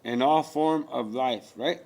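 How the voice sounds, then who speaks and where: A man's voice: medium pitch, slow, a little mellow. Man ranting with rhetorical questions. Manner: profane, rhetorical questions, preachy rant. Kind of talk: rambling spiritual monologue.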